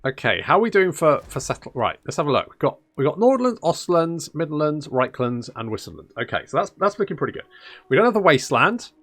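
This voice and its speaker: A man's voice: on the high side, sing-song, a little fast, a bit bright. A man commentating a strategy game in casual let's-play style, sarcastic and swearing as he grumbles at the game. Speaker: gaming YouTuber.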